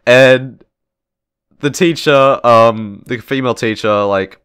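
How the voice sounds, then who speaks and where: A man's voice: mid-range voice, slow, a bit bright, clear, resonant tone, dry recording, studio quality. A teenage boy hosting his channel, telling a story in a rambling, casual way, often tagging lines with "right?" and "okay?" and swearing freely. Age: teens. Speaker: channel host.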